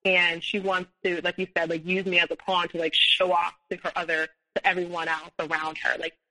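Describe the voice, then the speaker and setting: Speaking briskly in a lowish, sharp-toned voice with little pitch movement, this woman tells a personal story as a podcast guest. She uses many fillers and restarts, performs the quoted dialogue, and gets louder when heated. The recording is rough.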